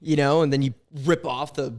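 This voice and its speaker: A man's voice: fairly high pitch, steady tone, fairly quick, a little mellow. A young adult man co-hosting a podcast, laughing often and riffing on silly scenarios. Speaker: podcast co-host. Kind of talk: casual comedic chat.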